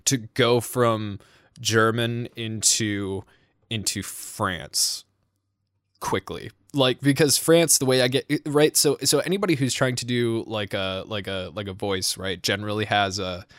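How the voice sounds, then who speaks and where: A man's voice: fairly low pitch, steady tone, unhurried, fairly bright tone, no echo, clean studio sound. A man hosting a casual podcast, talking in a rambling, self-deprecating way with many restarts. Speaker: podcast host. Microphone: home podcast microphone.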